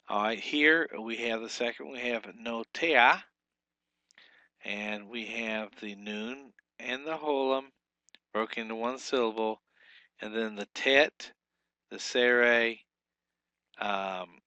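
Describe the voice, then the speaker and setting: Male teacher, bright, forceful voice, dry close recording, slow step-by-step explanations. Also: fairly low pitch, dry recording. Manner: steps slowly through examples, repeats words. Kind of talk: recorded language lesson.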